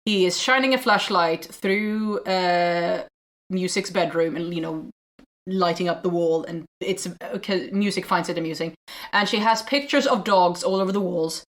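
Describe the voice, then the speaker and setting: A woman's voice: lowish voice, normal speed. Chatty woman recapping a film. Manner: animated recapping with frequent restarts and acted-out quotes. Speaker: podcast co-host. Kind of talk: casual film review chat.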